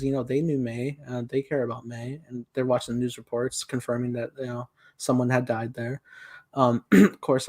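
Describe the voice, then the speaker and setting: A man's voice: mid-range voice, a little mellow. A young man co-hosting a casual film review podcast, animatedly retelling scenes and acting out quoted lines. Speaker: podcast co-host.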